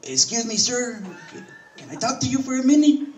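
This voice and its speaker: A man's voice: very animated, brisk, darkish tone, reverberant, distant mic, a little hiss or hum. A man voicing a blunt, streetwise young male coworker who talks in slang. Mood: eager. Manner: slangy, high and eager.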